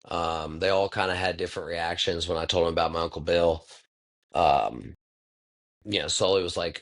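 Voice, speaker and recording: A man's voice: deep voice, normal speed, a bit bright. A man in his thirties hosting a podcast, talking in a rambling, laid-back way, reflective and full of profanity. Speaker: podcast host. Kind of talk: casual monologue.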